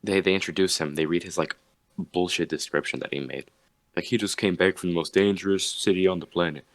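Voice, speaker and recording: A man's voice: sits low, brisk, dry recording. A young man hosting a podcast, casually retelling a story with lots of fillers and quoted bits. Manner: rambling, filler-heavy retelling with acted quotes. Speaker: podcast host.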